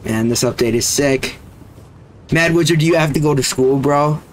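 A man's voice: fairly high pitch, moderate pace, slight background noise. A young man casually commentating his gameplay, hyped and constantly saying "bro.". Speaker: gaming streamer.

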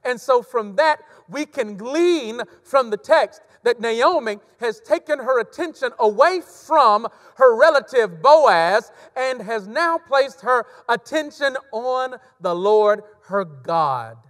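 A man preaching a sermon as a pastor, emphatic and repeating key phrases, swinging between loud stresses and hushed drops. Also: very high-pitched, expressive, takes it slowly, few pauses. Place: church sanctuary. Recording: long church reverb.

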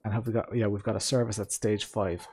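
A man's voice: fairly low pitch, little pitch movement, quick pace, a little mellow, husky. A man streaming a rally sim, chatting to his viewers in a loose, rambling way. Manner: chatty, rambling, full of fillers and asides to chat. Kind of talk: live-stream gameplay commentary.

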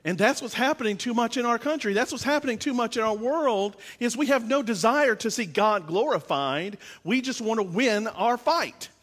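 A man's voice: very high-pitched, expressive, moderate pace, hardly any pauses, fairly bright tone, in a large hall. A man preaching a conversational sermon as pastor, repeating phrases for emphasis.

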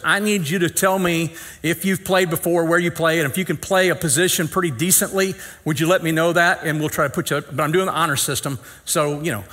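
Bright-voiced pastor telling a story. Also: male voice, fairly high pitch. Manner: folksy, acts out dialogue, self-deprecating humor. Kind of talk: sermon storytelling.

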